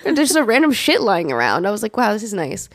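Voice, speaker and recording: A woman co-hosting a podcast, telling stories in casual chat and acting out the quotes in a higher voice. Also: fast, gravelly, no echo, clean studio sound. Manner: animated storytelling, acts out quotes in a high voice. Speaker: podcast co-host.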